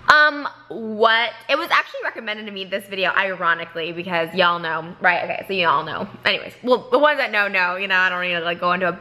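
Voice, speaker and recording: A young woman with a bright, sharp voice talks straight to her camera at home. She rambles and gushes, leaning on filler words, and her pitch sits in the middle range for a woman. The sound comes through an on-camera mic. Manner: gushing, rambling, says "like" a lot. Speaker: vlogger. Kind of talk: casual vlog chat.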